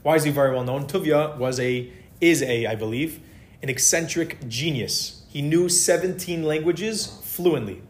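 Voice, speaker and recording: Brief: male storyteller, a bit high-pitched, conversational, acts out dialogue, echoey room. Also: moderate pace. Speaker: speaker giving a holiday talk. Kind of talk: storytelling talk to a live audience.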